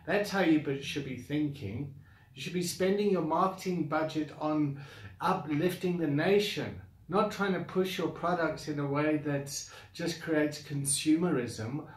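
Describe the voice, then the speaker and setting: A man's voice: on the high side, reverberant, distant mic. A man with a South African accent who founded a coaching academy, bluntly venting his frustration straight to the camera with sighs and repeated complaints. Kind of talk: direct-to-camera rant.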